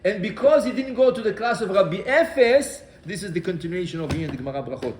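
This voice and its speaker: Rabbi w telling a gemara story, slightly high voice, echoey room w faint background noise. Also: male voice, quick pace. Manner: animated storyteller acting out dialogue, many restarts. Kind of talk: Torah class storytelling.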